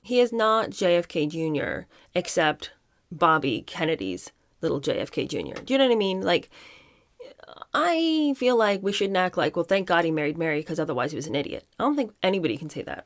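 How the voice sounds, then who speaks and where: A woman's voice: on the low side, no room sound, clean studio sound. A woman hosting a podcast, reading passages from a book aloud and breaking off to give her own blunt opinions to her listeners. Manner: opinionated, talks straight to listeners. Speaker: podcast host.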